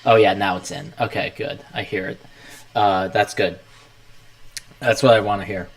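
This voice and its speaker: A man's voice: on the low side, fairly even intonation, moderate pace, poor audio. A young man hosting a casual livestream, rambling loosely as he talks himself through setting things up.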